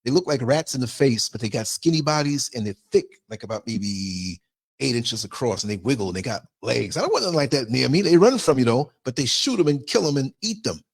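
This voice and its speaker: A man's voice: mid-range voice, sing-song, brisk, creaky, slightly rough. An older man from the United States, hosting a livestream and telling a story in a blunt, emphatic way. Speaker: podcaster host.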